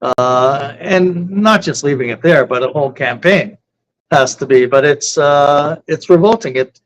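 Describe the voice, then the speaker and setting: A man hosting a talk show, speaking in a halting way with many filler sounds. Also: on the high side, rough recording. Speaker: host. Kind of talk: heated talk-show discussion.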